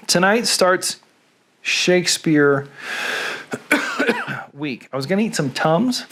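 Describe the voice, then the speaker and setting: A Southern US man with a slightly high voice hosts a live stream from his home. He talks in a rambling, self-deprecating way, with plenty of asides. He speaks to a camera on a stand. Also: fairly bright tone. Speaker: host. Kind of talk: casual live-stream chat.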